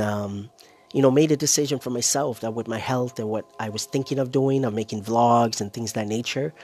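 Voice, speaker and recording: A man talking casually on his own as a content creator, rambling and tagging lines with "right?", a little short of breath. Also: medium pitch. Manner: rambling, keeps adding "right?" and "you know". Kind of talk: casual solo monologue.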